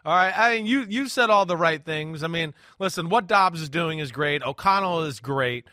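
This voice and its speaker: A man co-hosting a sports podcast, brash and profane in loud, teasing casual banter. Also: a little high, lively intonation, normal speed, no room sound, clean studio sound. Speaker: podcast co-host, former player analyst.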